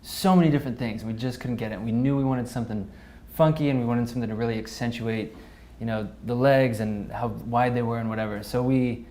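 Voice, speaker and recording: A man guest on a podcast, calmly telling the story of a photo shoot and often agreeing with a "yeah.". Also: mid-range voice, a little fast. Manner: relaxed storytelling, many affirmations. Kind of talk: casual interview chat.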